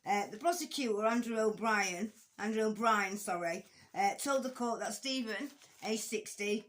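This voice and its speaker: A woman's voice: mid-range voice, moderate pace, fairly bright tone. A woman commenting casually on a court case, with frequent ums, restarts and blunt, conversational swearing. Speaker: true-crime commentator.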